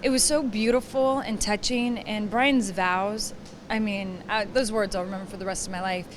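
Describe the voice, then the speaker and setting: A woman in her thirties chatting as an interview guest outdoors, telling stories and acting out quotes with lively energy. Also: medium pitch, normal speed, a little hiss or hum. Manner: chatty, animated storyteller who acts out quotes. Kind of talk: casual chat.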